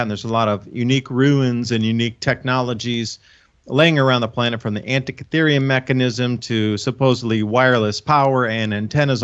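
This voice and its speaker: A man's voice: medium pitch, a bit bright, clean tone, muffled recording. A man giving a long, earnest, rambling explanation as a guest on a casual talk show, often restarting his sentences. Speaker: guest, online channel host. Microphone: own microphone.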